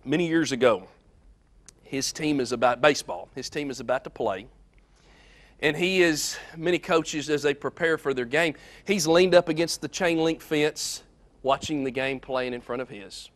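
A man preaching a sermon, telling a story earnestly and swinging between loud and soft passages. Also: fairly high pitch, moderate pace.

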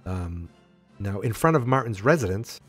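A man hosting a casual podcast, recapping an old comic book, acting out lines in quick voices with chatty asides. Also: fairly low pitch, husky, faint music behind. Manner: animated, acts out character lines with voices, asides and fillers. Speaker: podcast host.

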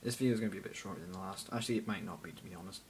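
A man's voice: low voice, rapid-fire, a little hiss or hum, rough recording. A teenage boy rambling jokily into a phone camera, going off on random tangents. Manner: random, jokey, self-mocking, mutters asides. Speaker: vlogger. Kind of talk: rambling casual vlog.

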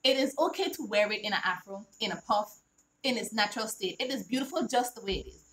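This woman speaks fast in an animated, mid-range, fairly bright voice over poor audio. Talking casually on her vlog, the author reads lines from her own children's book, earnestly explains each, and often checks in with "all right?".

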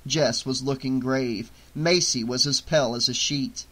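A man narrating an audiobook in a steady, clear reading voice. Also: medium pitch, measured pace.

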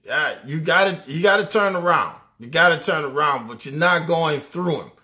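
A man's voice: a little high, lively intonation, normal speed, bright, forceful tone. A man talking college football casually, enthusiastic, laughing often and repeating his words. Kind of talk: casual sports talk.

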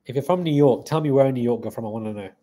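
A man chats loosely on a live stream, reading comments from viewers and replying as he goes, and he talks very fast. His voice has a middling pitch and a warm, mellow tone.

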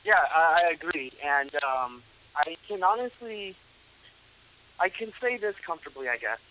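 A man's voice: on the high side, lively intonation, normal speed, bright, forceful tone, poor audio. A man giving sports analysis, hesitant, with many ums and restarts.

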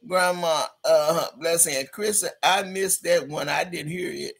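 A woman's voice: low-pitched, measured pace, vocal fry, slightly rough. A woman hosting a livestream, reading out chat comments in a brash, profane, laughing way. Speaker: livestream host.

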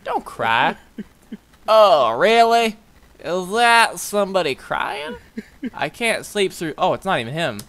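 In this let's play, a young gaming YouTuber jokes through a horror game, reading dialogue aloud and swearing as he goes. His voice sits high with a fairly bright tone, huge swings in pitch and a slow pace.

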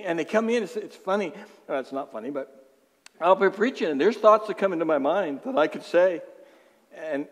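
A male pastor preaching a sermon, emphatic, repeating words for stress and acting out inner voices. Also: high-pitched. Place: church sanctuary. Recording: long hall reverb.

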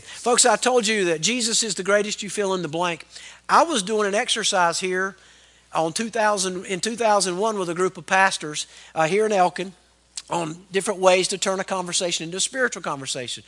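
A man's voice: high voice, a little fast, a bit bright. A middle-aged man preaching a sermon as pastor, fervent and calling out for amens. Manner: fervent preaching with call-and-response "Amen?".

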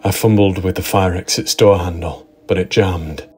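A man narrating a first-person horror story in a steady, dramatic storytelling manner. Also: deep voice, fairly quick, background noise. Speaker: narrator and writer.

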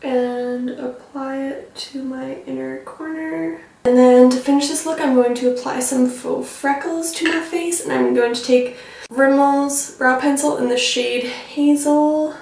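A woman's voice: high-pitched, steady tone, a little slow, vocal fry, darkish tone. A young woman giving a chatty makeup tutorial, rambling along and teasing herself. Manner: rambling, self-teasing, filler-heavy. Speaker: beauty vlogger. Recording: echoey room, mic at a distance.

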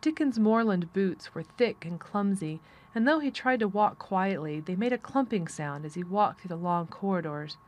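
A woman narrating an audiobook of a classic children's novel. She reads at a steady, measured pace, with a mid-range voice and clear storytelling delivery. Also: medium pitch. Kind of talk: scripted narration.

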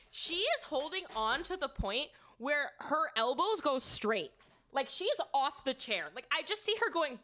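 A young woman, a streamer with a high voice, tells a funny story in casual chat. She's animated, swears, and fills her speech with "like."

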